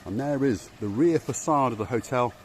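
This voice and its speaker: A man's voice: medium pitch, moderate pace, a little hiss or hum. A man hosting a vlog, giving a playful, theatrical guided tour of a hotel. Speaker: vlog host. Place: outdoors and indoors at a hotel.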